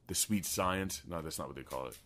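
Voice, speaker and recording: A man co-hosting a podcast in casual chat, excitable and profane, often stumbling over his words. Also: low-pitched, brisk. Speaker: podcast co-host.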